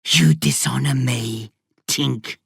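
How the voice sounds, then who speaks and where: A man's voice: high voice, measured pace, dry recording, studio quality, voice pushed up. A man doing a solemn teen warrior, Vietnamese accent. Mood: solemn menace. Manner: formal, solemn, ritualistic. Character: intense teenage boy, solemn self-styled warrior.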